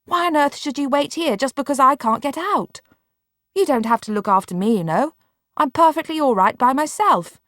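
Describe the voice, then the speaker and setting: A woman's voice: sits high, expressive, moderate pace, fairly bright tone, dry recording, pitched above the performer's own voice. A curt, grudging bedridden boy, as a woman reader puts him on, with exasperated patience in his tone. He sounds close and dry, in a voice a little above a typical woman's. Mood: impatient. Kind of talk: audiobook character reading.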